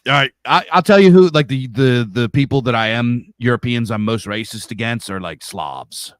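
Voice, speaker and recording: A man's voice: medium pitch, normal speed, clean tone, no room sound, studio quality. A man from the United States chatting bluntly on a livestream, opinionated and swearing freely. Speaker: livestream co-host. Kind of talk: casual livestream chat.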